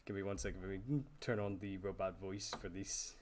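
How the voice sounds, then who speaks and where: Man, game master narration, relaxed, improvised, descriptive. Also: sits low, fairly quick. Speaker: dungeon master.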